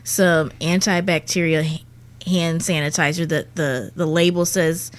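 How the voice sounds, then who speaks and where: A woman's voice: low voice, steady tone, a little slow. A woman comedian, a podcast guest, talking in blunt, crude, teasing casual chat.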